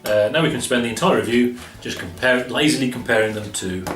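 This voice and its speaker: A man's voice: medium pitch, a little fast. Chatty man in a roomy space. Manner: rambling, self-interrupting, laughs often. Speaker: podcast co-host reviewing albums. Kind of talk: casual chat. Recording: roomy, slightly distant sound with faint music.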